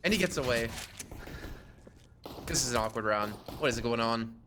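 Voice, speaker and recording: A man co-commentating an esports match with dry, deadpan teasing. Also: mid-range voice, normal speed, slight background noise. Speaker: esports co-caster. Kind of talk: color commentary and banter.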